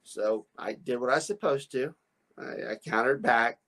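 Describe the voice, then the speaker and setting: With a mid-range, somewhat bright voice marked by vocal fry, he speaks at a moderate pace. This podcast host works as a real estate broker and tells stories in a rambling way, stammering, starting over, and laughing often.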